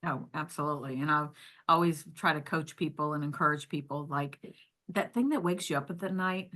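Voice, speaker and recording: Low, bright-voiced woman podcast host. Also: a little fast. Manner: enthusiastic, chatty, uses "like" and "um". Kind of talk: casual podcast interview.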